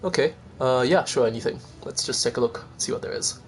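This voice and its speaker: A man's voice: medium pitch, brisk, faint music behind. A man streaming a video game, rambling casually and chatting to viewers with self-deprecating asides. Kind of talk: casual gameplay commentary.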